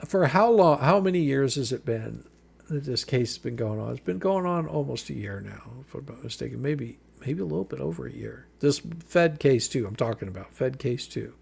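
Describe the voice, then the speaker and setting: A live stream host reads a legal filing out loud and ridicules each point with profane sarcasm. His medium-pitched voice is gravelly, husky and a little mellow, with lively intonation at a moderate pace.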